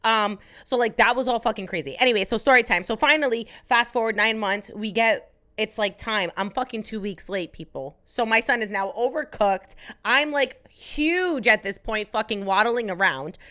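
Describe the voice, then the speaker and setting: A woman's voice: fairly high pitch, moderate pace, bright, forceful tone. A woman podcast co-host telling a personal story in casual, profane, rambling chat.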